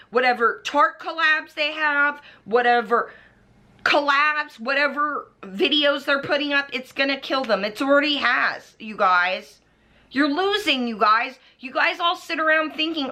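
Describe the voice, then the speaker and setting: A young woman who does beauty commentary vlogs rants angrily into her camera mic, swearing freely, naming people to call them out, and pointing at the camera as she faces it. Her voice is high-pitched, bright, and forceful, expressive at a moderate pace.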